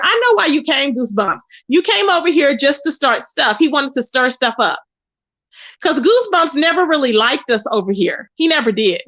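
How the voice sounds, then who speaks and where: A woman hosting her own livestream, venting indignantly with a high, bright voice. She repeats her points and calls people out by name. She sounds tired as she goes on. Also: lo-fi sound. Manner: indignant, repetitive, calling out by name. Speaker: livestream host. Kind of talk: ranting live stream commentary.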